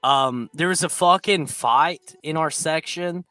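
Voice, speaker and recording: A man's voice: a little high, unhurried, bright, forceful tone, no echo. A man co-hosting a live podcast, telling a rambling, profane story about a race weekend with lots of fillers. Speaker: podcast co-host. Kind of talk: casual race-weekend recap chat.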